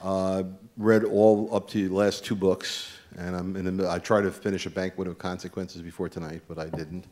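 A man's voice: low voice, level tone, moderate pace, hardly any pauses, darkish tone. A man from New Jersey speaking from the audience at a book event, earnest and rambling, with many fillers. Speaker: audience member.

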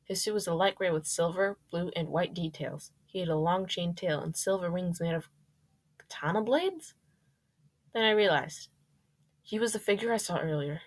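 A woman reading her first-person fan fiction aloud, lively and jumping up on exclamations. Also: on the low side, fairly quick.

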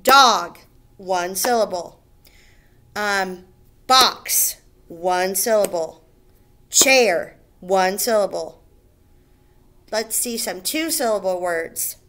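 A woman teaching first graders a recorded lesson on syllables, slow and patient, stretching out each word so the children can hear the beats. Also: mid-range voice. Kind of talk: recorded remote phonics lesson.

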